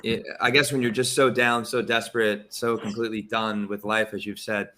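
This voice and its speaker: A man's voice: on the low side, level tone, moderate pace, pushed and bright. A man hosting a podcast, chatting casually and a bit rambling with his guest. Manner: friendly, rambling, filler-heavy. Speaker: podcast host. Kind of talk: casual interview chat.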